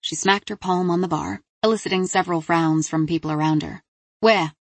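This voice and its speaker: Low-voiced woman reading a thriller. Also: fairly even intonation, fairly quick, dry recording. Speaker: audiobook narrator. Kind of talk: scripted narration of a crime thriller.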